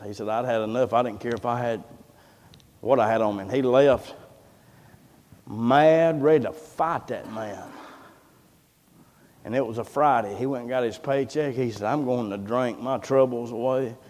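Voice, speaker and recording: His mid-range voice sounds mellow as he preaches, spinning a lengthy tale in a folksy manner. He gives each quoted character a voice of their own, and the sound rings with long hall reverb.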